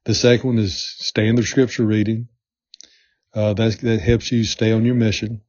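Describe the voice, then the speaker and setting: Middle-aged male podcast host, mellow dark tone, earnest repetitive coaching, muffled lo-fi sound. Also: on the low side, flat delivery, moderate pace, dry recording. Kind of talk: motivational podcast talk. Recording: dull lo-fi sound.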